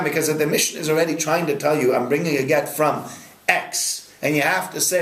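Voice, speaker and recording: Man, rabbi, Talmud class, questioning, lively, roomy hall. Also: on the high side, brisk. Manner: questioning, quizzes students, lively. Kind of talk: interactive Talmud lesson. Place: study hall with students. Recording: echoey study hall.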